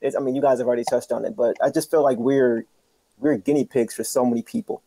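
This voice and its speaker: A man on a livestream panel, talking in a relaxed, laid-back way. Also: medium pitch, quick pace, vocal fry, dry recording. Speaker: panel guest. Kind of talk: casual livestream chat.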